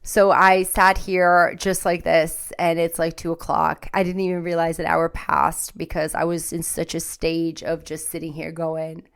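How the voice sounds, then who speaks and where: A woman's voice: low voice, flat delivery, measured pace, creaky, few pauses, clear, resonant tone. A woman hosting a podcast, telling a candid, emotional personal story in a rambling, self-deprecating way. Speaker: podcast host.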